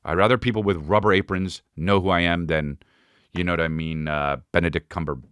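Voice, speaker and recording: Low-voiced man riffing on a podcast. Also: steady tone, a little fast, fairly bright tone, smooth, no room sound, clean studio sound. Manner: rambling, profane, mimics voices and sounds. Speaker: podcast host. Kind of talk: casual comedic monologue.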